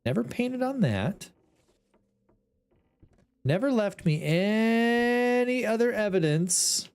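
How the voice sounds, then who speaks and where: A man's voice: high voice, expressive, slow pace, darkish tone, smooth. A man streaming a ghost-hunting game, talking to his chat in an exasperated, joking way. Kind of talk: casual gameplay commentary.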